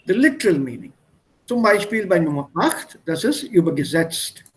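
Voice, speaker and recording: A man's voice: high-pitched, animated, moderate pace. A man teaching German in an online one-on-one lesson over a video call, patiently explaining by repeating synonyms. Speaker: German tutor.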